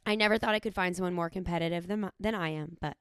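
A woman's voice: on the low side, fairly even intonation, racing, a bit bright, clear, resonant tone, no room sound, clean studio sound. A woman in her thirties, a podcast co-host, reading her wedding vows aloud in a tender, sincere way.

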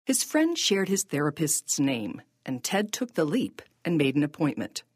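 A woman with a low, husky voice reads scripted podcast narration in a measured, reflective way. Her pitch moves expressively, and the sound is close and dry. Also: sing-song, no echo.

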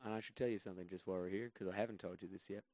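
A man's voice: sits low, steady tone, rapid-fire, darkish tone, no echo. A man guesting on a podcast as a comedian, telling rambling, self-deprecating anecdotes in a casual way.

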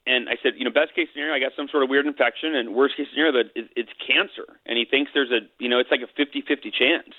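As an interview guest, a middle-aged man opens up about a personal story, emotional and candid but ready with a joke. His mid-range voice keeps fairly even intonation, and the tinny phone-line audio has no room sound.

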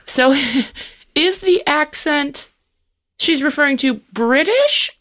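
A woman's voice: high-pitched, big pitch swings, slow pace, a bit bright. A woman from San Francisco co-hosting a podcast in casual chat, playful and jokey. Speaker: podcast co-host.

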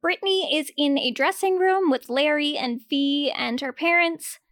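A young woman with a high, bright voice delivers a casual film commentary, blunt and openly sarcastic and ready with a curse word. The sound is close and dry, with no room around her. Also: a little slow, no room sound.

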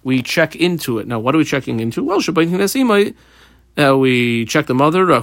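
A man teaching a Talmud lesson, explaining Aramaic phrases in casual English with a lively, conversational manner. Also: mid-range voice, a little fast, creaky, no room sound, clean studio sound.

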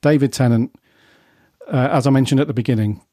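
Mellow-voiced British man hosting. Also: mid-range voice, a little fast, no room sound, clean studio sound. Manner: relaxed, leads the discussion. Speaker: podcast host. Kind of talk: casual chat.

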